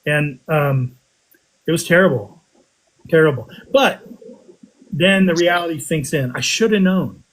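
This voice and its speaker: A man casually telling a story on a podcast, animated, with his voice jumping up high when he quotes himself. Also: measured pace, pauses often, slight background noise, rough recording. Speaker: podcast guest telling a metal detecting story.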